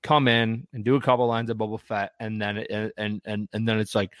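A man's voice: on the low side, fairly even intonation, brisk, few pauses, no echo, studio quality. A man chatting casually as a podcast co-host, rambling with frequent restarts and fillers. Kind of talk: casual fan chat.

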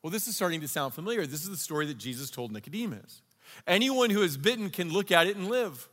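A man's voice: high-pitched, expressive, fast talker, fairly bright tone. A man teaching a sermon in an earnest, conversational way. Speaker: pastor. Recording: long reverb of a large hall.

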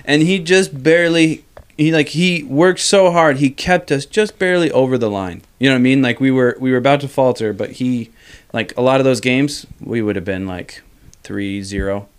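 A young man co-hosting a podcast in casual chat, an animated storyteller who keeps saying "like" and "you know what I mean". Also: medium pitch, normal speed, clean tone. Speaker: podcast co-host.

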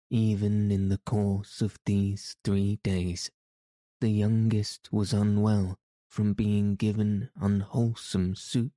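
A man narrating a classic novel as an audiobook in a measured, even reading. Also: fairly low pitch, dry recording.

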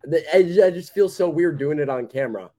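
A man's voice: on the high side, brisk, dark tone. A man co-hosting a casual morning sports show, talking in an easygoing, plain way with some hesitations. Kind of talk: casual sports radio chat.

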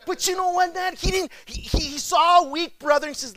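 A male pastor preaching a sermon, addressing the congregation as folks and swinging from shouts to hushed pleas. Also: very high voice, a little fast.

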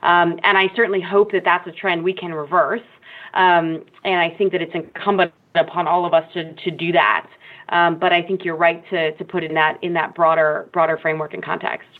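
A woman speaking as a guest expert in a panel discussion, measured and analytical, with frequent ums. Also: fairly low pitch, little pitch movement. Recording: tinny phone-like remote line.

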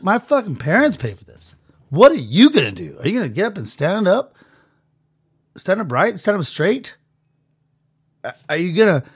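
Shrill bratty freeloader, a man puts on, whiny, swears a lot, high squeaky voice. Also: gravelly, slightly rough, exaggerated voice. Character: whiny bratty young freeloader living off parents.

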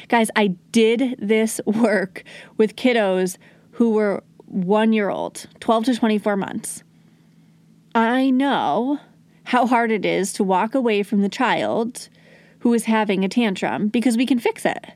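A woman hosting a podcast, explaining parenting ideas calmly and modeling gentle phrases to say to small children. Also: a little high, takes it slowly, dry recording. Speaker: podcast host. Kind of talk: solo parenting advice talk.

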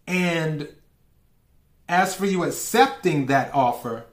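Slow, laughing man reading tarot. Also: a little high, lively intonation. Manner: slow, laughs often, asks cards politely. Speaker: tarot reader. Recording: echoey room.

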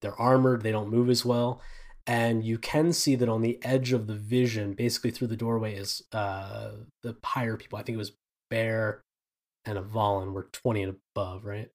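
A man's voice: fairly low pitch, fairly even intonation, moderate pace. A man narrating as game master of a tabletop game, in vivid, descriptive storytelling with casual asides.

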